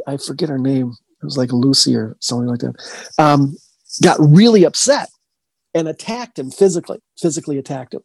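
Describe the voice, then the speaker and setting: Man, ghost-hunter guest; mellow husky voice, rambling, restarts a lot, dry close mic. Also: a little high, no room sound. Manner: rambling, halting, with frequent restarts. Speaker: paranormal investigator. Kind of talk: casual storytelling interview.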